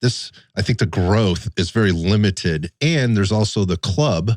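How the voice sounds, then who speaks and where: Podcast host, male, low and dry-sounding, loose rambling delivery. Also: measured pace, no echo. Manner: rambling, thinks aloud with restarts. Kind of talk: casual interview chat.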